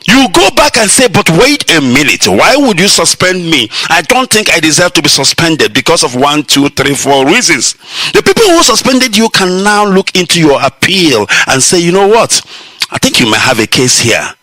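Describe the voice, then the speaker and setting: A Nigerian man hosts a radio show and preaches at his listeners with scornful, mocking energy. His voice swoops up and down a lot and sounds bright and forceful. The recording is dry and close, with no room sound. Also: a little high, sing-song, normal speed, no room sound. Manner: preachy, mocking, laughs at his own jokes, acts out quoted voices. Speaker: radio broadcaster. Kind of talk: impassioned radio monologue.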